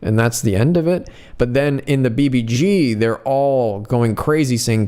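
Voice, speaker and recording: A man's voice: mid-range voice, unhurried, few pauses, mellow. Storytelling man in casual podcast chat. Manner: storytelling, acts out quoted lines.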